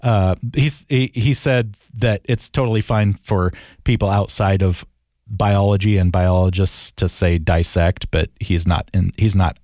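A man's voice: on the low side, steady tone, unhurried, a little mellow, dry recording, studio quality. A man co-hosting a casual talk show, reading out listener mail and chatting with an easy laugh. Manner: reads listener email aloud, laughs easily. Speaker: podcast co-host. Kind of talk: casual chat.

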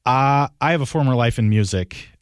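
In clean studio quality with no echo, this podcast co-host speaks fairly quickly in a clear, resonant mid-range voice. He keeps the talk casual, laughing easily as he reads out listener mail.

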